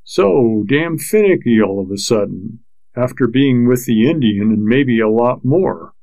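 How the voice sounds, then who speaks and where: A man reading a novel aloud, voicing a drunken husband whose slow, fuzzy speech turns shaky with fury. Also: medium pitch, expressive, creaky, warm tone, no echo, poor audio. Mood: furious. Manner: slurred and slow, then shaking with fury. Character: drunken, violent frontier husband, grown man. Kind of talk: audiobook character voice.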